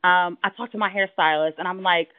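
A woman co-hosting a casual chat, telling animated stories and acting out quotes in high voices. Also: a little fast, clean tone. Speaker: podcast co-host. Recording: tinny phone-like remote line.

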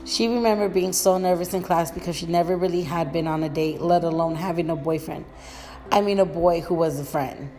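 A woman's voice: on the low side, brisk, mellow, faint music behind. A woman reading a story aloud in a plain manner, with small slips and restarts.

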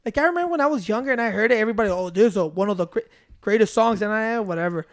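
A man's voice: high voice, animated, very fast. A man co-hosting a podcast in casual banter, swearing freely, dropping Spanish slang and laughing between lines. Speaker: podcast co-host.

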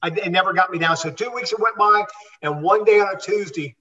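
A man's voice: high voice, a little fast, sharp tone, echoey room. An older man, a former wrestler, telling rambling stories as an interview guest, with lots of restarts. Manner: rambling anecdotes with many restarts. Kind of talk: storytelling in a live interview. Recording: distant dull lo-fi sound.

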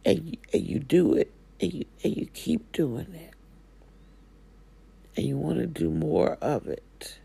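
Slow gravelly woman, casual spiritual talk. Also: deep voice, mellow. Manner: folksy, drawling, slangy Southern-style speech. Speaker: spiritual coach. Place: living room at home.

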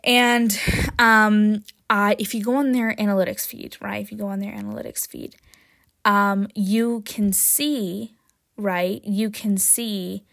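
A woman hosting her own podcast in a casual, jokey chat, often tagging "right?" and "um", with sudden excited jumps in pitch and loudness. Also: creaky, no echo, clean studio sound. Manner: chatty and jokey, with frequent "right?" and "um". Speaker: podcast host.

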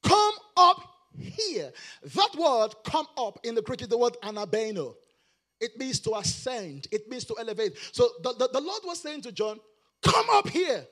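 A middle-aged male pastor preaching a sermon, rising into shouted, sing-song emphasis. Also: extremely high pitch, very animated, moderate pace.

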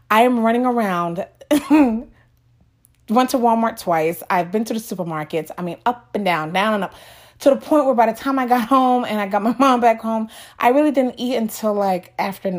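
A chatty American woman in her thirties tells a story straight to her viewers. Her voice sits at an ordinary middle pitch, and she talks in an animated way, laughing often and calling her audience "guys.". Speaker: vlogger. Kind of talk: casual storytelling vlog.

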